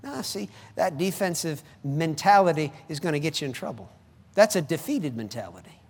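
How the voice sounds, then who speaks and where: A man preaching a sermon in an emphatic, animated and rallying way. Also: fairly high pitch, moderate pace, husky, big-room sound.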